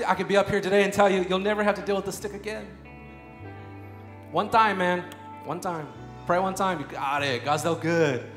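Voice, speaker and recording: A man in his thirties preaching a sermon, moving between quiet personal storytelling and loud, fervent prayer. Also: a little high. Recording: echoey room with faint music.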